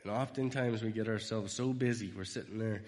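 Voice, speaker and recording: A man giving a conversational storytelling sermon, animated and retelling scenes. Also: lowish voice, fairly quick. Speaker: preacher. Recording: reverberant hall.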